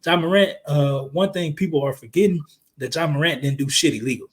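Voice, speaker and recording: A man co-hosting a casual sports podcast, talking in a profane, heated, emphatic way, his voice a little hoarse. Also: on the high side, brisk. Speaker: podcast co-host. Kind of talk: casual sports chat and rant.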